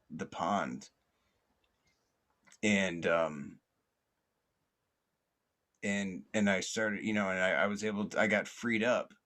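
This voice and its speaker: Slow, low-voiced man telling a rambling story. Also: a bit bright. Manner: rambling, full of fillers and restarts, swears freely. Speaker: podcast host. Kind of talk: casual storytelling.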